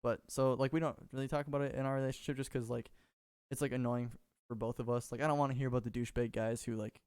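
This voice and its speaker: A man's voice: medium pitch, level tone, fast, darkish tone, clear, resonant tone, no room sound, studio quality. A young man from Minnesota co-hosting a podcast, telling stories in a rambling, casual way and swearing freely. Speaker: podcast co-host. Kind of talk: casual chat.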